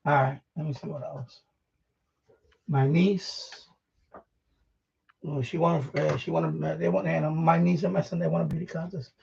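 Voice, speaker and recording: A man's voice: on the high side, fairly even intonation, moderate pace, gravelly, pauses often, a little mellow, slightly rough. A middle-aged man hosting a live stream, chatting in a rambling way full of fillers and restarts, out of breath as he tidies his home studio. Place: home studio room, moving around while tidying. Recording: distant, dull lo-fi mic.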